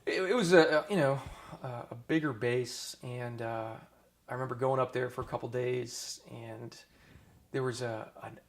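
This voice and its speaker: A man's voice: medium pitch, moderate pace. A man in his thirties, a former army dentist, telling his stories in a casual oral history interview, with many restarts and fillers.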